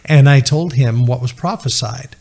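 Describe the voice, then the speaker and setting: A man's voice: medium pitch, normal speed, a little mellow, faint music behind. A man, a podcast guest, earnestly telling a personal faith testimony and retelling conversations line by line.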